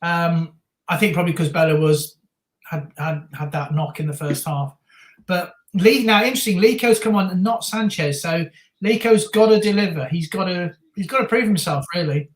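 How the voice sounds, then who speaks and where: A man co-hosting a live football reaction stream, mixing jokey banter with steady match analysis. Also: high voice, normal speed. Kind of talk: casual live match commentary and chat. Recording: roomy echo.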